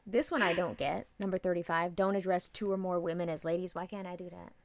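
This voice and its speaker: Woman, podcast co-host, mid-pitched, blunt and playful, swears casually, dry close sound. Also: steady tone, quick pace, dry recording. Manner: blunt, playful, swears freely, acts out quoted exchanges. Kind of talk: casual chat.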